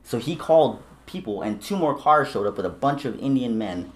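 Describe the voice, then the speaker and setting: A young man telling stories in casual chat, swearing often and animated. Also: medium pitch, a little fast. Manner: profane, animated storytelling. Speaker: storyteller.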